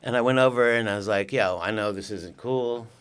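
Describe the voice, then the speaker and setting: An older man from California, a podcast guest telling a story in a casual, animated way, acting out the lines of people in it and swearing now and then. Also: lowish voice, brisk, smooth.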